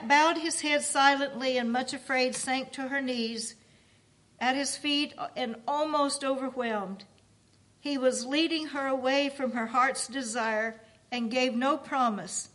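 A woman reading a book aloud at a church service, paraphrasing as she goes in a measured, earnest way. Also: high-pitched, a bit bright.

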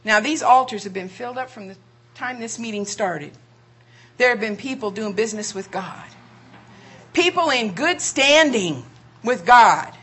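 A woman delivers a sermon in a slightly high, husky voice. She stretches out key phrases for weight. She keeps pressing her listeners with questions. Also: lively intonation, fairly bright tone. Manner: rhetorical questions, drawn-out emphatic phrases. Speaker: preacher.

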